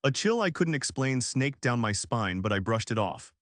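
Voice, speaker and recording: A man in his forties reading a first-person story as narrator, with a smooth and even delivery. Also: mid-range voice, moderate pace, dry recording, studio quality. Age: 40s.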